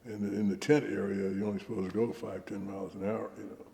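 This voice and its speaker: Older male veteran, raspy-edged anecdotal storyteller, recorded in an echoing hall. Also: fairly low pitch, fast talker. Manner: lively anecdotal storyteller, acts out quoted dialogue. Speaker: veteran interviewee. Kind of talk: oral history storytelling.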